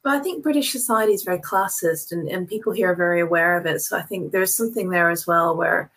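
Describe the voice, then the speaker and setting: Husky woman with a transatlantic accent. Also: fairly low pitch, quick pace, a bit bright. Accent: mixed transatlantic. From Texas. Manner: hesitant, many fillers and restarts. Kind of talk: casual chat.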